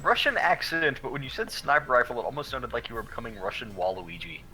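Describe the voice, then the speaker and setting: A man's voice: mid-range voice, expressive, fast talker, pushed and bright, low-quality recording. A young man making dry, wry remarks in casual chat beside someone playing a video game. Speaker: co-commentator on a game stream. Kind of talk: casual gameplay commentary.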